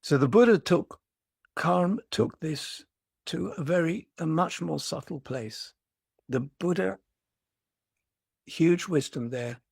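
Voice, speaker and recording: An older man, a meditation teacher, giving a reflective dharma talk with gentle humor and storytelling. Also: a little high, slow, creaky, pauses often, breathy edge, no room sound, clean studio sound.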